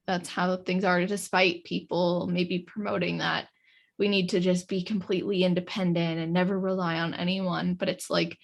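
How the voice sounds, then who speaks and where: A woman's voice: on the low side, flat delivery, normal speed, gravelly. A woman hosting an interview podcast, talking in an earnest, affirming way and often repeating words as she starts a thought. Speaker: podcast host. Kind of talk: casual interview chat.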